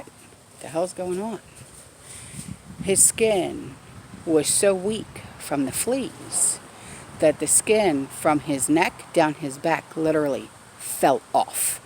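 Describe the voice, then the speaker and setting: Slow, blunt chatty woman outdoors. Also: deep voice, darkish tone, slight background noise. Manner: blunt, chatty, swears freely. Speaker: vlogger. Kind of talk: casual storytelling. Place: backyard garden, outdoors.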